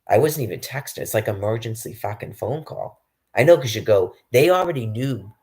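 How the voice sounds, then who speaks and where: A man's voice: on the low side, vocal fry. A man in a rambling, agitated, profanity-laden monologue about being homeless, with frequent restarts. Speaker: public access show guest.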